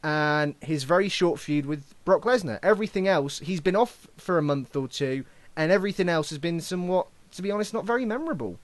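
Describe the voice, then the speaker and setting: A man with a high voice that swoops up and down as he talks. He co-hosts a podcast in casual chat and tends to ramble and repeat himself. The sound is dry and close. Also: animated, a little fast, no room sound. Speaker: podcast co-host.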